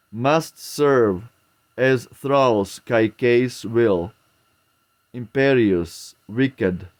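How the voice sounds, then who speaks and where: A man reading the lines of a loyal charioteer, mournful and pleading in archaic verse. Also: medium pitch. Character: grieving loyal old charioteer.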